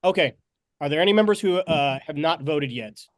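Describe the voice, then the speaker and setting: A man's voice: fairly high pitch, expressive, normal speed, no echo, clean studio sound. A man helping run a committee meeting, speaking hesitantly and apologizing often. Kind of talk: running a meeting.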